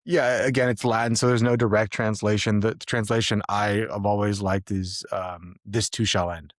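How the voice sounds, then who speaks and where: A man co-hosting a podcast, talking in an earnest, measured and reflective way. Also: lowish voice, little pitch movement, no echo, clean studio sound. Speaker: podcast co-host.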